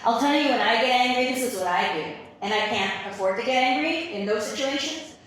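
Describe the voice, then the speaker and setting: A woman's voice: fairly high pitch, expressive, fairly quick, fairly bright tone. A woman podcast host speaking emphatically in reflective conversation, repeating words for stress. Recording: echoey room, mic far off.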